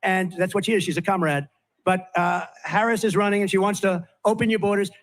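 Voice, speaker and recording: A man's voice: sits high, steady tone, fairly quick, fairly bright tone. An older man giving a rambling campaign rally speech from a stage, full of repetitive, off-the-cuff asides. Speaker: political candidate at a rally.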